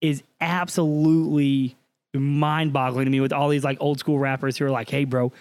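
A man's voice: on the high side, little pitch movement, normal speed, darkish tone, clear, resonant tone, no echo. A young man hosting a podcast, chatting casually and joking, swearing freely. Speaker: podcast host. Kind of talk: casual chat.

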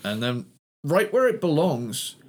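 A man's voice: fairly high pitch, big pitch swings, unhurried, a little mellow, breathy edge. A man co-hosting a podcast, chatting casually about albums, laughing often and restarting his sentences. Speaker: podcast co-host.

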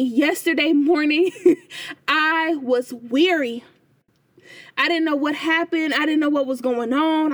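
A woman reading scripture and then preaching informally. She speaks with emphasis and keeps repeating her key phrases back to the listeners. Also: high-pitched. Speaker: devotional speaker.

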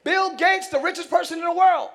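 A male pastor preaching a sermon in church, moving from loud shouted lines to quick casual asides. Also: very high voice, creaky.

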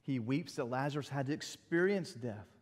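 A middle-aged man, a pastor preaching a sermon in an animated, conversational way with asides. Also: mid-range voice, moderate pace, big-room sound.

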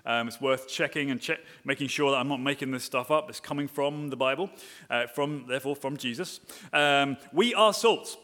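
Pastor preaching in a reverberant hall. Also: male voice, mid-range voice, fairly even intonation, fairly quick, fairly bright tone. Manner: many fillers and restarts, builds to emphatic repeated phrases. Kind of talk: sermon. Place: church hall, live sermon. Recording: long reverb of a church hall.

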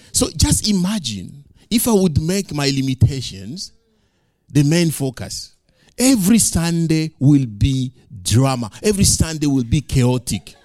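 A male pastor preaching a sermon, animated, laughing often and acting out little quoted exchanges. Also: high voice, no echo, clean studio sound.

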